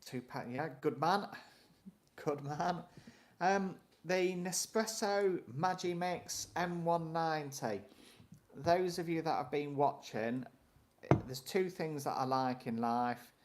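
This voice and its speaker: A man's voice: a little high, slow, slight background noise. A man, co-hosting a live stream and telling a rambling anecdote with frequent chuckles. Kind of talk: casual storytelling chat.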